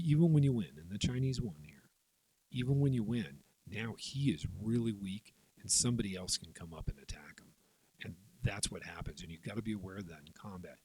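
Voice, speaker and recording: Low husky man explaining a board game. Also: dark tone, no echo, low-quality recording. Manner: explains step by step, voices players' moves in quick asides. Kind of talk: tabletop game rules walkthrough.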